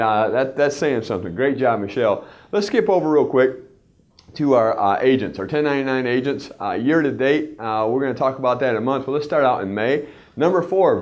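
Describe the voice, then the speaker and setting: A man talking to camera as a company's CEO in a weekly video, reading out sales rankings with playful jokes and announcer-style shout-outs. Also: mid-range voice, muffled recording. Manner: chatty and jokey, hyping up names like an announcer.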